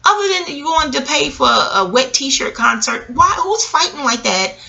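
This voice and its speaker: A middle-aged woman spins a story straight to camera in a casual, profane monologue. Her voice has a gravelly fry under a bright, forceful edge. She talks in an animated, wisecracking way. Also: high voice, normal speed, lo-fi sound. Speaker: vlogger.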